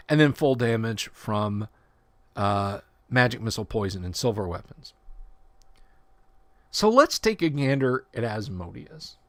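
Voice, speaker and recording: Gravelly man reading rules on a livestream. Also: fairly low pitch, no room sound. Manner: reads rule text aloud with asides and self-corrections. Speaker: livestream host. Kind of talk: casual livestream reading and commentary.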